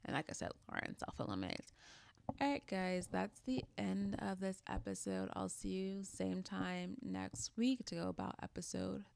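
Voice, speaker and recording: A woman's voice: medium pitch, expressive, normal speed, creaky, a little mellow, no echo. A woman in her twenties giving a chatty, opinionated recap of a reality show, with plenty of casual fillers. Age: 20s.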